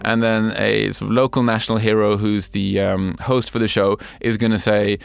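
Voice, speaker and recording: A middle-aged man from Sweden, a company head who explains his points in measured, listed steps in a conversational interview. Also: fairly low pitch, level tone, creaky, smooth, dry recording. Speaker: company CEO and co-founder, guest.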